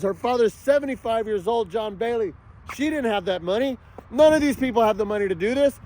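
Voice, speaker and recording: Furious man yelling, high voice. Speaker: father vlogging about a custody battle. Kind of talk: angry outdoor rant to camera.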